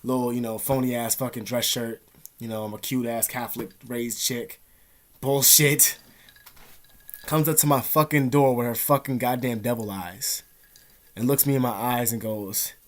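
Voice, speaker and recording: A man's voice: mid-range voice, steady tone, brisk. Profane rambling young man. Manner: rambling, profane, streetwise slang. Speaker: vlogger. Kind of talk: casual storytelling to camera. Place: indoor room.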